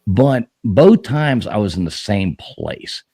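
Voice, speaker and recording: A man's voice: lowish voice, expressive, slow pace, mellow, no room sound, studio quality. A man hosting a live paranormal talk stream, telling stories in a rambling, casual way full of fillers and restarts. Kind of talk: casual chat.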